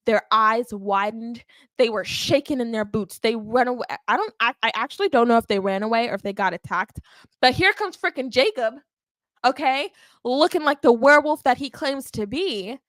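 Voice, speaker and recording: A woman hosting a wrestling podcast, recapping a live show in an animated, emphatic way and often checking in with "okay?". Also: on the high side, no echo. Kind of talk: live watch-along recap.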